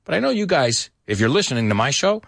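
A man hosting a bilingual lesson, fast-talking and teasing, mixing in Spanish. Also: fairly high pitch, vocal fry, no echo, studio quality. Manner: lively, teasing, switches between English and Spanish; talks fast. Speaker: English teacher and radio show host. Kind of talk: bilingual English lesson, casual.

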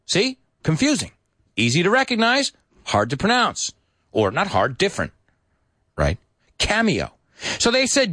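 A man's voice: normal speed, no echo, studio quality. A man teaching English to Spanish speakers, repeating key words and checking in with "right?" after each point. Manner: animated, swings pitch high for quotes and emphasis.

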